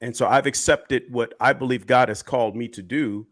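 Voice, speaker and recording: A man's voice: mid-range voice, steady tone, normal speed, a bit bright. A man who is a minister co-hosting a casual faith talk, driving his points home with repeated phrases. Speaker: minister and co-host.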